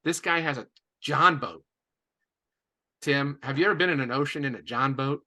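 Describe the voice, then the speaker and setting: A man from Indiana, a podcast guest, telling a lively story with many "and, uh" fillers. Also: medium pitch, normal speed. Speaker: podcast guest, business coach. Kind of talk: animated storytelling.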